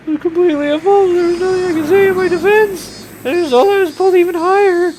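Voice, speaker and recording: A man hosting a let's play, reading a visual novel aloud with animated laughing asides and swearing, with traffic noise behind. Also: very high-pitched, quick pace.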